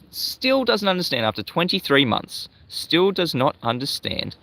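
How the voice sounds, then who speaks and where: A man's voice: medium pitch, fairly bright tone, no room sound. A man from Australia hosting a livestream, talking in an emphatic, repetitive, combative way. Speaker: livestream host. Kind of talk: livestream commentary.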